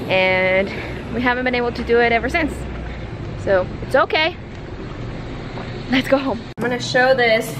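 Woman, young adult, breathless, excitable casual chat, faint background noise. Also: a little high. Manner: chatty, excitable, laughs often. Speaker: vlogger. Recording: roomy echo.

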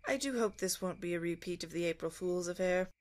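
A woman's voice: fairly low pitch, lively intonation, a little fast, no room sound, lightly acted. A woman voicing a dignified, weary older male starship captain with a dry, droll delivery.

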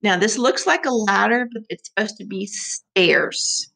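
Gravelly-voiced lady teacher, talks slow and patient to little kids, keeps repeating words for them to say back. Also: mid-range voice, a bit bright. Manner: slow, encouraging, repeats words for children to echo. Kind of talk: remote lesson for young children.

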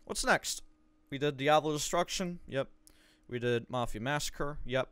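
Over slight background noise, a man with a fairly high, somewhat bright voice speaks a little slowly. A gaming video creator, he plays through a game in let's play commentary, reading a walkthrough guide aloud and breaking off for joking asides.

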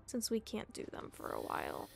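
A young woman streaming a co-op game, chatting casually in a bubbly, giggly, excitable way. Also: medium pitch, normal speed, vocal fry, soft background music. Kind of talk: casual let's play chat.

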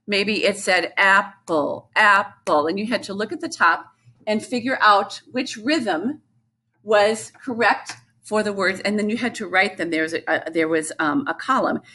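Woman teacher, recorded kids' music lesson, patient explaining, slightly husky tone. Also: mid-range voice, sharp tone. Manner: patient, slow explanations with chanted rhythm syllables. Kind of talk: recorded lesson for young children.

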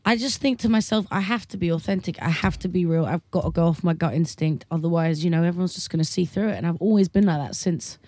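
A woman in her twenties, a pop singer guest in a relaxed radio interview, chatty and laughing often, with lots of "like". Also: lowish voice, quick pace, few pauses, no echo. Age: 20s. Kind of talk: casual radio interview chat.

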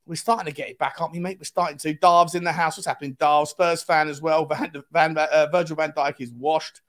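A man's voice: on the high side, fairly even intonation, fairly quick, a bit bright. A man, hosting a casual live fan stream, chatting and greeting viewers by name as he reads the chat aloud.

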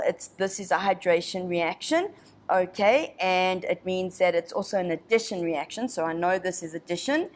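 A woman teacher from South Africa giving an exam revision lesson, chatty and encouraging, thinking aloud through each step. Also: medium pitch. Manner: puts on a snobby voice for a molecule.

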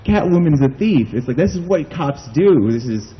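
A man's voice: a little high, lively intonation, a little fast, few pauses, dull audio. A man from the United States doing a stand-up comedy set at an outdoor backyard show, rambling and self-deprecating, saying "like" a lot.

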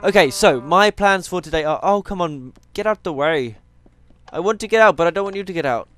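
A man's voice: a little high, moderate pace, fairly bright tone. A tired young man, chatting casually as he plays a game and teases the animals on screen. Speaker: gaming YouTuber. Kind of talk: casual let's-play commentary.

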